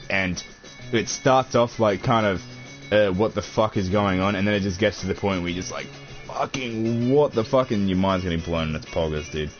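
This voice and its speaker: A young man, chatting casually and crudely while unboxing, swearing a lot and calling everyone dude and bro. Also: fairly low pitch. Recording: dull lo-fi audio with faint music.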